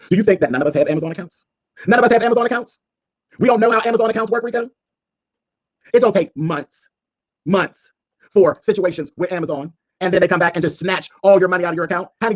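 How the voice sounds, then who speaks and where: A man's voice: high voice, lo-fi sound. A man delivering a sassy, scolding call-out rant as a streamer, mocking his target. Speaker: commentary streamer.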